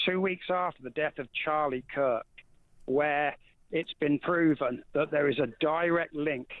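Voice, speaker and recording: A man phoning in to a talk radio show, heated and stumbling over repeated words. His voice sits fairly high and comes through a thin, tinny phone line. The sound is dry and close. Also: no room sound. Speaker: caller. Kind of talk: phone-in call.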